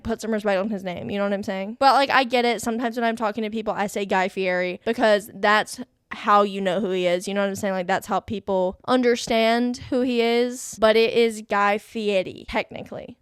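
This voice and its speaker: A woman's voice: on the high side, clear, resonant tone, no room sound, studio quality. A young woman hosting a casual solo podcast, bubbly and gushing, peppering her talk with "y'all" and "like.". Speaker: podcast host.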